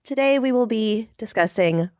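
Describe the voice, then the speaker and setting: A woman co-hosts a podcast in loose, casual chat, talking fast and laughing a lot. Her pitch swings widely as she jokes, and the sound is dry and close with no room around it. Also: lively intonation, darkish tone, clean tone, no echo. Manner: quick, laughing, swears casually. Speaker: podcast co-host.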